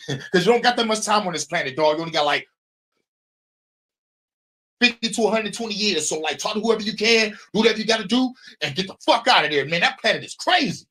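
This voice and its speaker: A man is talking on his own livestream, loose and rambling, swearing freely and laughing between thoughts. His voice sits high and bright, and it swings up and down with lots of expression. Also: animated, brisk. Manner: rambling and profane, with frequent laughs. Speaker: streamer host. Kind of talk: casual livestream monologue.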